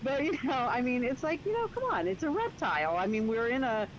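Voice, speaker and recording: A woman's voice: fairly high pitch, big pitch swings, brisk, muffled recording, slight background noise. A woman co-hosting a comedy podcast, telling a story in a rambling casual way full of fillers. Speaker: podcast co-host.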